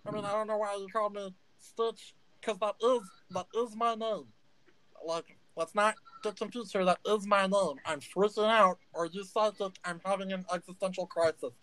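A man's voice: high voice, fairly even intonation, moderate pace, bright, forceful tone, no echo, voice pushed up, rough recording. A man voicing a jittery, brash male gnome barfly who rambles and picks fights. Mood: manic.

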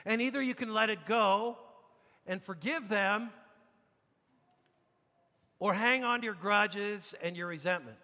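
A man preaching a sermon as pastor, emphatic, dropping to a hush and rising to loud peaks. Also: high-pitched, measured pace, pauses often. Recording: long reverb of a large hall.

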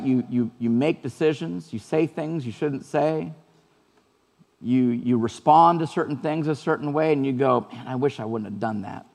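A man's voice: on the high side, vocal fry, long reverb tail. A man preaching a sermon as pastor, earnest and conversational, repeating phrases for emphasis.

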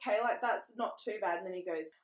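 A woman's voice: medium pitch, fast talker. A young woman, telling a crude, rambling story in casual chat, full of fillers. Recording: roomy echo.

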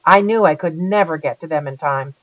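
An audiobook reader telling a first-person story with a lively, dramatic delivery. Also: medium pitch, brisk, no room sound, muffled recording.

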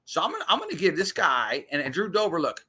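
Male co-host, lively and bright tone, rambling casual delivery. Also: on the high side, quick pace, breathy edge. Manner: rambling, lots of restarts, animated. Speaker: podcast co-host. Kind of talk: casual chat.

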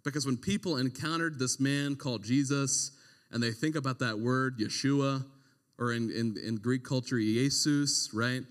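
A man's voice: mid-range voice, fairly even intonation, moderate pace. A young man, preaching a casual, conversational sermon as a youth pastor, full of slang and asides. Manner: conversational, slangy, with frequent "like" and "right?". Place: church sanctuary. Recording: long hall reverb.

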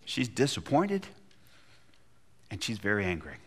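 A man's voice: fairly low pitch, huge pitch swings, measured pace, fairly bright tone, husky. A man preaching a sermon, retelling a scripture story and acting out the quotes with feeling. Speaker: pastor.

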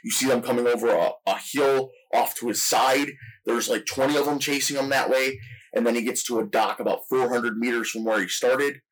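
A man's voice: mid-range voice, fairly even intonation, brisk, poor audio. Guy on a movie podcast going through a scene step by step, normal mid voice, laid-back chat. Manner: retells movie scenes in long detailed play-by-play. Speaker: podcast co-host. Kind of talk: casual film discussion.

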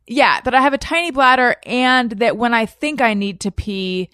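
A woman's voice: fairly high pitch, normal speed, fairly bright tone, clear, resonant tone, dry recording, studio quality. A woman in her thirties hosting a podcast, chatty and laughing often, reading listener posts aloud. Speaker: podcast host. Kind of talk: casual chat.

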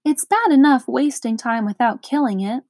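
A woman voicing a gruff, stern watchdog that scolds and barks in a storybook reading. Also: high-pitched, normal speed, a little mellow, no echo, clean studio sound. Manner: barking, scolding.

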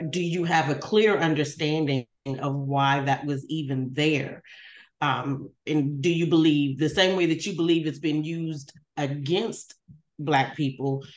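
A woman's voice: low-pitched, echoey room. A woman in a class answering by laying out a string of probing questions. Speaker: class participant. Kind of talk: discussion answer.

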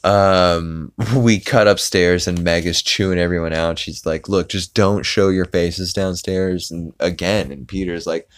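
Podcast host, man, low and smooth, casual rambling recap, frequent fillers. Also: unhurried, hardly any pauses. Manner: rambling, laughing, swearing, many fillers.

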